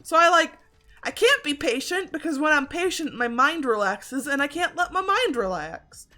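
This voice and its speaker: In casual gaming commentary, a woman with a high, sharp voice chats and swears, often joking about herself. Her intonation is lively, her pace normal, and her throat sounds slightly congested.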